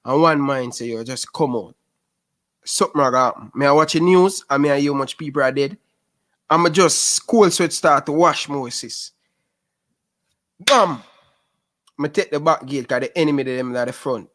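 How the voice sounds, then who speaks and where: A man in his twenties with a Jamaican Patois accent, a guest telling lively stories in a casual interview. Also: a little high, moderate pace. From Rema, Jamaica. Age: 20s. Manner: lively storyteller who keeps calling the host "sis".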